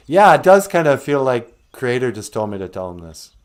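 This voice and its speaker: A man hosting a comedic puppet show, rambling and giggling at himself. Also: mid-range voice. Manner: rambling, giggly, self-deprecating.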